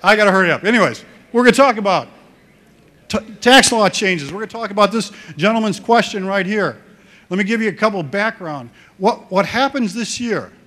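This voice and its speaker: A man presenting a seminar on church finances in a conversational lecture style, often restarting phrases and checking in with the audience. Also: sits high. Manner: chatty, frequent restarts and check-ins with the audience.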